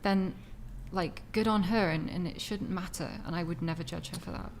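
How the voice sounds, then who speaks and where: A woman from Wales with a received pronunciation British accent, a guest on a casual podcast panel, soft-spoken and giggly, hedging often. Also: fairly low pitch, fairly even intonation, normal speed, a little hiss or hum.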